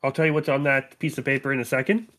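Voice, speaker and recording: A man acting as game master, calmly describing scenes and calling for rolls. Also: medium pitch, very fast. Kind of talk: running a tabletop game.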